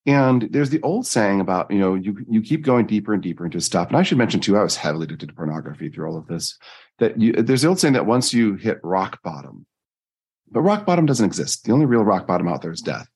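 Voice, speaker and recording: A man, a life coach, telling personal stories in an earnest, animated interview style. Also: fast, slightly rough. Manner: earnest, animated storytelling with jumps in pitch. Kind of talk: conversational interview storytelling.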